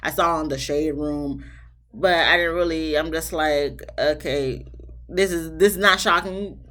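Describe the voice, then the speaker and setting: A woman's voice: sits low, unhurried, a bit bright. A woman giving a casual, slangy recap of a reality show episode, talking straight to her viewers. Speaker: TV show reviewer.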